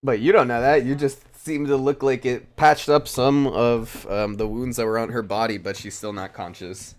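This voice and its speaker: A man acting as dungeon master, narrating a tabletop game in quick, descriptive bursts. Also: mid-range voice, steady tone.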